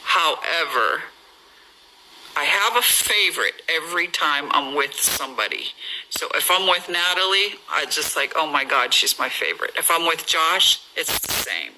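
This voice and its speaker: Bright-voiced, animated middle-aged woman. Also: low voice, measured pace, poor audio. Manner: chatty and animated, laughs often. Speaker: livestream host. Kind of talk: casual storytelling on a live stream.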